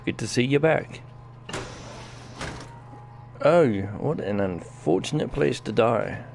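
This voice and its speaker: A man's voice: mid-range voice, expressive, slow, vocal fry, darkish tone, soft background music. A man with a New Zealand accent giving casual live-stream commentary while playing a game, chatting to his viewers as he goes. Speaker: gaming streamer.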